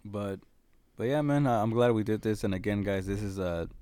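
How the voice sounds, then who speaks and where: A man's voice: fairly low pitch, normal speed, dark tone, clear, resonant tone, no echo. A man co-hosting a casual podcast, chatting loosely with frequent laughs, swearing and restarts. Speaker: podcast co-host. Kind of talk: casual chat.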